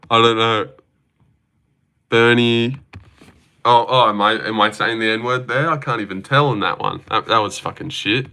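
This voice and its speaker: A man's voice: medium pitch, a little slow, pauses often, sharp tone. A man hosting a casual livestream, rambling and swearing freely while reading out and answering chat messages. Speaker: livestream host reacting to fights.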